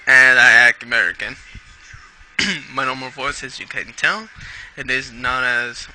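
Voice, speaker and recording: A man reading a fan story aloud in a put-on British accent, slowly, now and then stumbling over words. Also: mid-range voice, sharp tone, slight background noise, rough recording. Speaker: fanfic reader.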